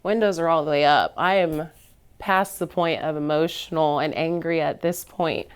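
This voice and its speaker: Panel guest: woman, lowish voice, earnest storyteller who heats up as she retells. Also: normal speed, clear, resonant tone. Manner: earnest, builds from quiet to heated retelling. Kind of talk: personal story in a panel discussion.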